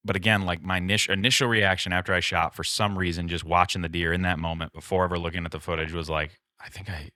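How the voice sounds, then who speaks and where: Deep-voiced man telling a hunting story. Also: steady tone, fast talker, hardly any pauses, sharp tone, dry recording. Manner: rambling, filler-heavy retelling with many "like"s. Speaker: podcast co-host. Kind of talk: casual storytelling chat.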